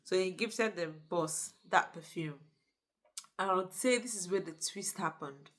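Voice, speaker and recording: A woman's voice: lowish voice, a little slow, a bit bright. A woman casually retelling a movie plot, chatty, with asides to the listener. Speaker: movie reviewer. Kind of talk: casual movie recap narration.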